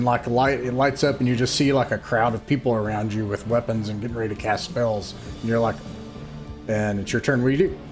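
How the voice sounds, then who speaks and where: A man narrating as game master of an online tabletop game, halting and full of fillers and restarts. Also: mid-range voice.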